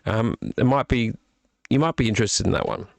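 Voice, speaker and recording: A man hosting a casual late-night vlog from a small room at home, his voice strained and croaky from illness, rambling and self-deprecating with many fillers. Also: lowish voice, a little fast, no room sound. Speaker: vlog host. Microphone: attached desktop microphone.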